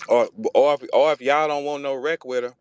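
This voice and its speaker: Brief: profane, animated male talk host, mid-pitched, dry mic. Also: a little fast, smooth, no echo. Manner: profane, animated, slips into mocking voices when quoting. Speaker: host of a battle rap talk space. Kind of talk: casual chat. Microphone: online audio room.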